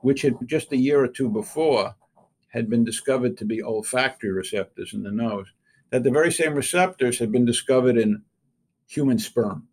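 Older man, interviewed scientist, wry relaxed storytelling, mid-pitched voice. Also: normal speed, slightly rough. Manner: wry storyteller who acts out quoted voices.

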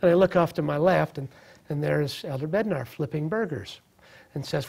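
Earnest man, thirties, slightly raised pitch, gravelly and husky, telling his recovery story in an interview. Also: normal speed, a little mellow. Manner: earnest, reflective, with restarts. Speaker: guest sharing recovery story. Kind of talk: personal testimony in interview.

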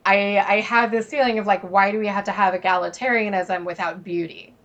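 A woman's voice: mid-range voice, fairly even intonation, brisk, a bit bright, highs cut off. A woman chatting with friends, sarcastic and teasing, swearing freely. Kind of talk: casual chat.

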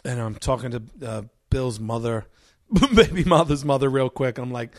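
A middle-aged man, a podcast guest, telling a story in an animated, profane way and acting out the other people's voices. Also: mid-range voice, normal speed.

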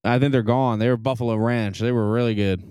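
A man's voice: mid-range voice, steady tone, fairly quick, darkish tone, smooth, dry recording. A man co-hosting a podcast, chatting casually, teasing and arguing with heavy swearing. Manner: profane, teasing, argumentative. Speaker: podcast co-host. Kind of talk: casual banter.

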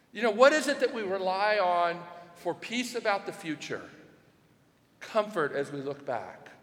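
Animated high-voiced preacher in a hall. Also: male voice. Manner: animated, rhetorical questions, rising to shouts for emphasis. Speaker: pastor. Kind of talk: sermon.

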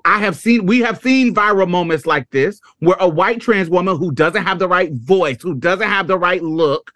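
A woman's voice: lowish voice, moderate pace, fairly bright tone, no room sound, clean studio sound. A woman hosting a podcast interview, talking in an emphatic, blunt way with salty language. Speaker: podcast host. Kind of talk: casual interview chat.

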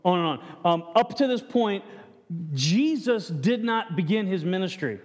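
Male pastor, high voice, preaching casually with restarts and questions to the pews; long hall reverb. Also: expressive, a little slow. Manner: frequent restarts, rhetorical questions to the congregation. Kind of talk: conversational sermon.

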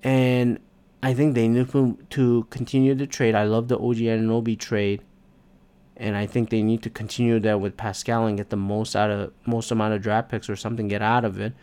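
Man, sports podcast host, solo rant, frustrated, profane, loud outbursts. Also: fairly low pitch, flat delivery, a little fast, clean tone.

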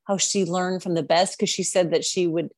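Woman interviewer, a bit low voice, super enthusiastic, dry close sound. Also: steady tone, normal speed, no room sound. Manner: warm, enthusiastic reactions. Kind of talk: conversational interview.

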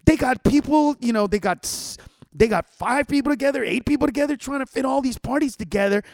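A man's voice: very high voice, a little fast, vocal fry. A man who is a stand-up comedian, ranting in casual podcast chat, full of swearing. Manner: profane, animated ranting.

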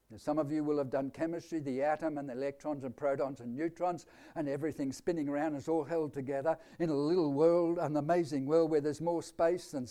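His voice is a little high, and his accent Australian, as he preaches live to a congregation. He quizzes them with questions, moving back and forth between loud declarations and quiet asides.

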